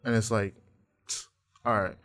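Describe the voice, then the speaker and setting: A man's voice: fairly low pitch, little pitch movement, measured pace, a bit bright. A man hosting a casual podcast chat, talking bluntly with lots of profanity and heated rants. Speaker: podcast host.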